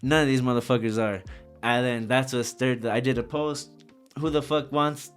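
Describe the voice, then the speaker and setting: A young man, a rapper, telling a wild personal story in a casual, profane, animated way. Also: mid-range voice, moderate pace, smooth, faint music behind. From Socorro. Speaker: rapper guest.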